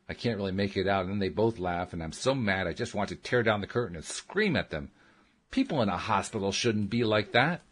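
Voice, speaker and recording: A man with a very low, husky voice reads a first-person memoir aloud on a radio show. His delivery is steady and earnest, carrying the story line by line. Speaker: radio host reading aloud.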